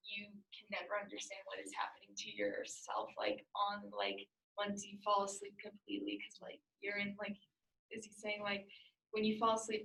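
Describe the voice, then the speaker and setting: A woman's voice: mid-range voice, creaky, a bit bright, rough recording. A teenage girl student answering in a class discussion, hesitant and searching for words.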